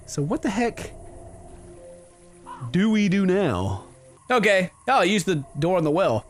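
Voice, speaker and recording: Animated young man narrating a game. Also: on the high side, moderate pace, long pauses, slight background noise. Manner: animated, playful, reads game dialogue aloud in voices. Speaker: gaming video host. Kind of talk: casual game commentary with character readings.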